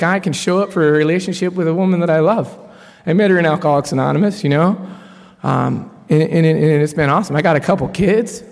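A man in his thirties from Colorado sharing his personal story from a podium, casual and animated with slang. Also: a little high. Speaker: speaker sharing his story at a recovery meeting. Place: large conference hall. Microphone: podium mic. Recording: long hall reverb.

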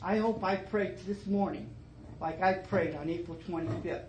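A man's voice: high-pitched, normal speed. Man telling his recovery story, echoey room. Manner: emotional, repetitive storytelling, rising to fervent emphasis. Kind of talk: twelve-step meeting talk. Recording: echoey meeting room, faint noise.

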